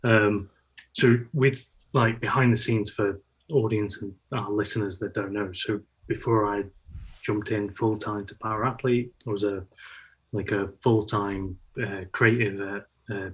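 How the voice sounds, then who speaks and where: A man speaks as a podcast guest in a husky, somewhat low voice. He keeps a flat, level tone and talks haltingly, with frequent ums and likes. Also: poor audio. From United Kingdom. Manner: halting, with many fillers. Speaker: podcast guest, brand manager. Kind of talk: casual podcast conversation.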